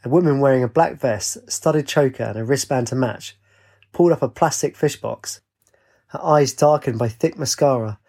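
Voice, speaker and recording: A man narrating a story aloud, changing his voice for the characters' dialogue. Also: medium pitch. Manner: lively, puts on voices for dialogue. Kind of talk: audiobook reading with character voices.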